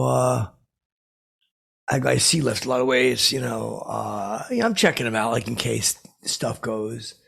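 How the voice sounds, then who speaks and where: A deluded, washed-up comedian, played by a man, rambles through his own podcast from home. His voice is deeply gravelly, with a rough, husky rasp and plenty of fry. He talks in halting, self-important bursts, stalling on fillers and restarting his sentences. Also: a bit bright, full character voice. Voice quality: gravelly and raspy. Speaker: podcast host. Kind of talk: improvised comic character monologue.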